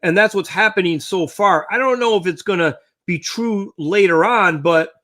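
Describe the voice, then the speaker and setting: An older man with a fairly high voice, co-hosting a sports chat. He talks in a loose, rambling way and thinks aloud as he goes. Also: moderate pace, a bit bright. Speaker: sports talk co-host. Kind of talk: casual sports banter.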